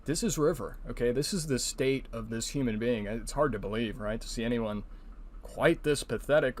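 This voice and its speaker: A man at a middle pitch delivers sarcastic commentary. He stammers on purpose and apologizes in mock earnest while belittling his target. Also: moderate pace.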